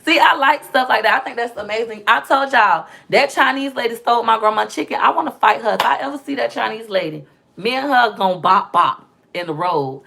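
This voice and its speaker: Chatty young woman with a gravelly voice. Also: on the high side, brisk. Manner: chatty, animated storytelling with slang and asides. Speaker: vlogger. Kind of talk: casual chat to camera.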